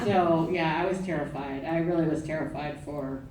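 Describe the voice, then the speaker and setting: A woman from New Orleans telling stories on a theater panel, animated and laughing. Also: low voice, moderate pace. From New Orleans, US South. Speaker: actor on a panel. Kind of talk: casual panel talk. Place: theater stage. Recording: echoey theater, distant mic, noisy.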